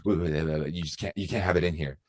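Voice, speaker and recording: A man's voice: extremely low pitch, steady tone, very fast, voice pushed down. A man imitating a nervous elderly female museum guard who stammers and shakes as she speaks. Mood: stammering. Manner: stammering, shaky.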